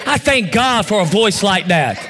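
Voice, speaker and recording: A man preaching a sermon as pastor, animated and often shouting, with bursts of fast talk. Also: high-pitched, a crowd in the background. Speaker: pastor and youth football coach.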